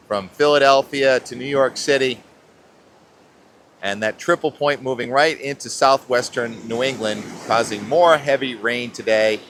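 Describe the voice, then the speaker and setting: A man's voice: mid-range voice, fairly bright tone, a little hiss or hum. A middle-aged man hosting a weather vlog outdoors on a beach, talking casually and thinking aloud about the forecast into a clip-on mic. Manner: chatty, rambling, thinking aloud.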